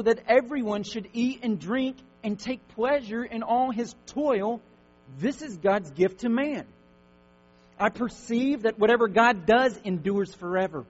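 A man preaching a sermon, swinging from loud, fervent declaring to hushed, gentle reassurance. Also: high-pitched. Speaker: pastor. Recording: dull lo-fi recording with faint mains hum.

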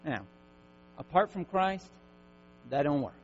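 A man preaching a sermon, swinging from loud, fervent declaring to hushed, gentle reassurance. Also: fairly high pitch, animated, slow pace. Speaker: pastor. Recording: dull lo-fi recording with faint mains hum.

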